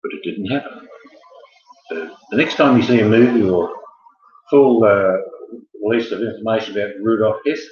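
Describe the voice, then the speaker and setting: Man, quiz host, low voice, jokey, rambling asides, roomy echo. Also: moderate pace, pauses often. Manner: jokey, chatty, wanders into asides. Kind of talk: casual live quiz hosting. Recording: echoey, muffled room sound.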